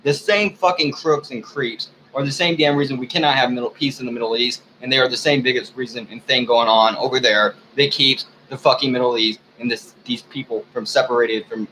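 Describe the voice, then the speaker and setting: Brief: angry American man, profane unscripted rant, keeps clearing his throat, mid-pitched voice, faint hum behind. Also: steady tone, a little fast, hardly any pauses, pushed and bright, rough recording. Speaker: video blogger.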